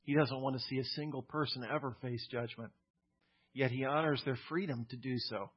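A man's voice: medium pitch, steady tone, fairly quick, breathy edge, muffled recording. A male pastor preaching a sermon in a plainspoken, conversational way, with casual asides.

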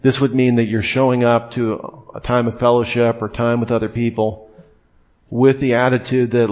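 A man's voice: medium pitch, level tone, moderate pace, a little mellow. A young man preaching a casual, conversational sermon, often acting out imagined inner voices and asking the listeners questions.

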